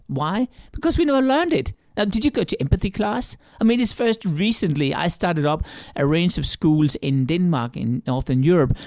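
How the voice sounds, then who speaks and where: A man's voice: fairly high pitch, a little mellow, dry recording, clean studio sound. A man being interviewed as an author, explaining his ideas through stories and examples, often repeating words as he goes. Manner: storytelling, explains with examples and acted-out quotes; repeats words and restarts sentences. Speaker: author and guest. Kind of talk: conversational interview answers.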